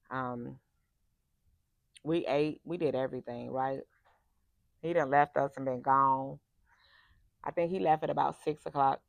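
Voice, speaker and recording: A woman tells a personal story in a casual, animated, emphatic way. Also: sits low, creaky, dry recording. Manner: animated and emphatic, acts out the people she quotes. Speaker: vlogger telling a personal story.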